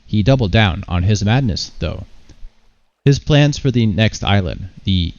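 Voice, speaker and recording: A man voicing an ancient bodiless being, speaking slowly, haughty and cryptic. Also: on the low side, lively intonation, darkish tone, no echo, dull audio.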